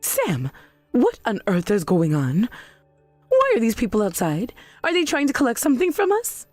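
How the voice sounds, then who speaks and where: A woman's voice: fairly high pitch, wildly swooping pitch, normal speed, a little mellow, no room sound, soft background music. A woman voicing an indignant, defensive middle-aged mother in a text-message story drama. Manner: indignant, demanding.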